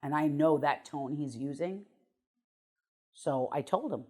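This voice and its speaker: A woman's voice: low-pitched, a little slow, darkish tone. A middle-aged woman, a guest on an interview show, telling her life story bluntly and emotionally, with some swearing.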